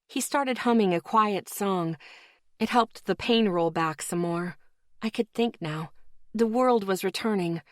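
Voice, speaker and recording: Audiobook narrator: woman, measured, slow delivery, dry close mic. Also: medium pitch, no room sound. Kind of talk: first-person audiobook narration.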